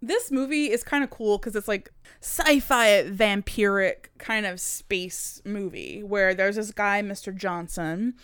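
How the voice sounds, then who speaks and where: A woman co-hosting a casual podcast chat, chatty and quick to laugh. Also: mid-range voice, a bit bright, clear, resonant tone, dry recording, studio quality. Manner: chatty, laughs often, says "like" a lot. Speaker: podcast co-host.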